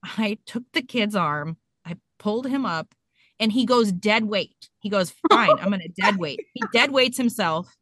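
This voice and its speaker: Bright-voiced woman telling a story. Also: medium pitch, measured pace, no room sound. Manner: animated, self-mocking storyteller. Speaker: podcast guest mom. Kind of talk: casual storytelling.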